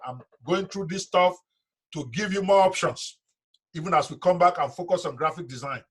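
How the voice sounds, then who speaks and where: A man's voice: high-pitched, a little fast, a bit bright, breathy edge. A middle-aged man, giving a live training lecture to his students in an emphatic, direct way. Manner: emphatic, talks straight to students. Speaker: online business instructor.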